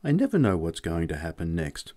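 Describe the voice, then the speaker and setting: A man's voice: low voice, huge pitch swings, fairly quick, warm tone. A man reading a story aloud and voicing a young male soldier who talks in a dry, wry way.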